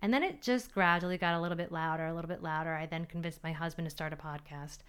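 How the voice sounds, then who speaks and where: A woman's voice: sits low, fairly even intonation, quick pace, a bit bright, clear, resonant tone. A woman hosting her own podcast as a personal trainer, chatty and upbeat, acting out her inner voices as she talks. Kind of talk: solo podcast talk.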